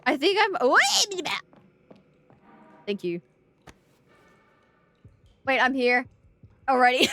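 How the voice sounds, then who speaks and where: A young Australian woman streaming a horror game and chatting casually with her viewers. She is excitable, thinks out loud, and breaks into loud yelling and laughter. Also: sits high, slow pace, long pauses. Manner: chatty, talks to chat and thinks aloud. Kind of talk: casual live-stream commentary.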